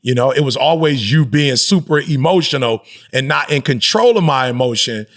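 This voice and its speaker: In a candid podcast interview, a middle-aged pastor who also gives motivational talks speaks with an expressive, medium-pitched voice at a moderate pace. He reflects openly and stresses his points, with casual slang slipping into his remarks.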